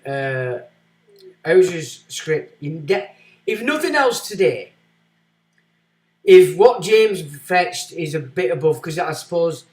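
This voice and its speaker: A man's voice: medium pitch, echoey room. A man with a Lancashire accent, hosting a casual livestream, answering viewer comments in a blunt, rambling way with many ums. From Northern England. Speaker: livestream host.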